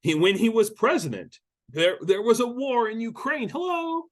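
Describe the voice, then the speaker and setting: A man's voice: high-pitched, expressive, moderate pace. A man giving casual news commentary, blunt and sarcastic, with lots of swearing and frequent restarts. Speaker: YouTube war-news commentator.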